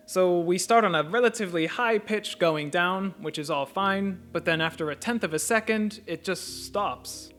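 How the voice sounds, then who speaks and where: Calm male narrator, slightly high voice, methodical lesson voice-over. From United States. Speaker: language teacher.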